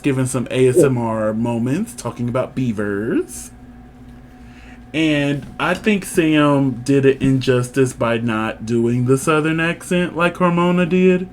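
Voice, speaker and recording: A man co-hosting a casual review chat, animated and teasing as he leads the talk. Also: medium pitch. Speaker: podcast co-host.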